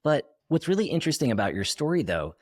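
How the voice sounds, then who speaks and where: A man's voice: on the high side, sing-song, fast talker, darkish tone, no echo, clean studio sound. A man hosting a podcast interview, eagerly asking questions and reacting in a conversational way. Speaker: podcast host and coach.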